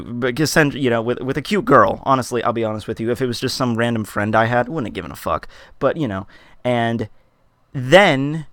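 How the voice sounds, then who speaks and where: A man tells a story from behind a shop counter in an exasperated, profane rant, acting out the customers' lines as he goes. His voice sits at an ordinary pitch, and the recording is dry, with no room sound around it. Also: fairly bright tone, smooth, dry recording. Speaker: vlogger.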